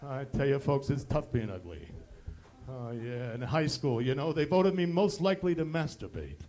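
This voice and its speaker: A man's voice: mid-range voice, sing-song, moderate pace, darkish tone, lightly acted. A man doing a stand-up impression of a self-pitying older male comic on a tavern stage, always saying "oh yeah" and "I tell you".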